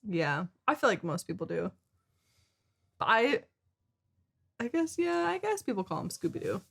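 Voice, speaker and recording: A woman's voice: mid-range voice, very animated, moderate pace, gravelly, fairly bright tone, slightly rough. An American woman co-hosting a reaction video, chatting playfully and joking. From United States. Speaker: reaction channel co-host. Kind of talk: casual reaction chat.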